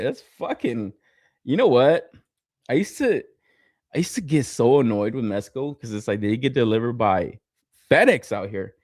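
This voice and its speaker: A young man from Southern California chatting casually as a podcast co-host, swearing a lot and laughing through animated stories. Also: fairly high pitch, no room sound, studio quality. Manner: profane, laughing, animated storytelling. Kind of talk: casual chat.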